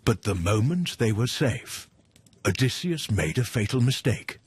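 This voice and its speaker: Slow, lively male storyteller. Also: mid-range voice, slightly rough. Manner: expressive, drawn-out, emphatic. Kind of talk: dramatic storytelling narration.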